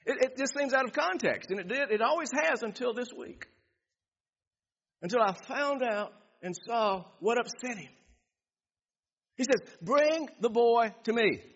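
A pastor preaching a sermon, reading scripture and repeating phrases for emphasis. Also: male voice, very high voice, lively intonation, normal speed, long pauses, fairly bright tone, husky. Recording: dull echoey hall.

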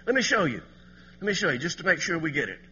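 A man preaching a sermon as pastor, swinging from quiet asides to loud emphatic passages. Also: fairly high pitch, big pitch swings, quick pace, in a large hall, muffled recording, slight background noise.

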